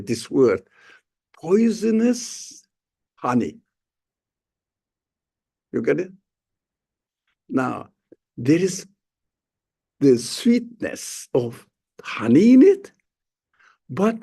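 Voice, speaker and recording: Slow, gravelly male Quran teacher. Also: mid-range voice, warm tone. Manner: slow, halting explanation with rhetorical questions. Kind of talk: informal Quran study lesson.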